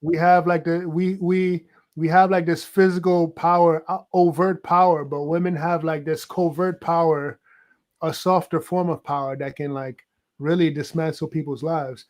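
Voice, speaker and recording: Male co-host with a high voice, casual and hesitant, lots of filler words. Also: little pitch movement, moderate pace, a little mellow. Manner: hesitant, stacks fillers like "right?" and "like". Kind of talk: casual opinionated discussion.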